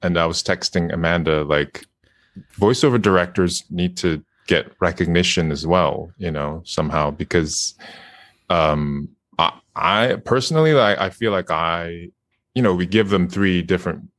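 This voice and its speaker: A deep-voiced man talking in a casual interview, often laughing at himself and trailing off into fillers. His voice sits low and the sound is dry and close, with no room around it. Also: measured pace, fairly bright tone, no room sound. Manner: laughing, self-deprecating, hesitant with many fillers. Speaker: guest voice actor.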